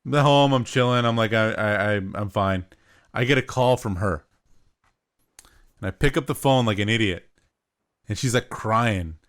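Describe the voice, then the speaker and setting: A young man co-hosting a podcast, telling a story in a relaxed, rambling way with lots of filler words. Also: medium pitch, moderate pace, pauses often. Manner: laid-back, rambling, with lots of "like". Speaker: podcast co-host. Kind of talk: casual storytelling.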